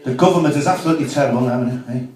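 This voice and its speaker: A man's voice: medium pitch, very fast, a little mellow. A man doing a cheeky, chatty stand-up set at a comedy club, with asides to the crowd. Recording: echoey room, mic from far off.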